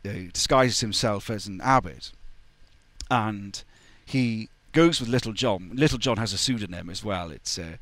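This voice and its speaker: A man's voice: lowish voice, measured pace, fairly bright tone, no room sound. A young man giving a casual storytelling lecture on a video channel, chatty, with asides and restarts. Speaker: YouTube presenter on medieval ballads.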